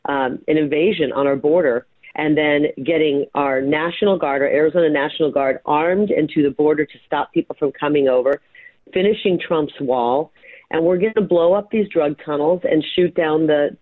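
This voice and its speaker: A woman's voice: deep voice, no room sound. A woman guest talking as a political candidate, blunt and emphatic, with some fillers. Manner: forceful, emphatic, scattered fillers. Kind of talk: blunt campaign talk. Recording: tinny dry phone line.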